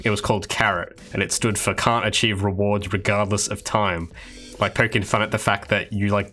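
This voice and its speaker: An Australian game developer chats casually with viewers on a livestream while he works, rambling with restarts and asides. His voice is fairly low in pitch, with a bright, forceful tone.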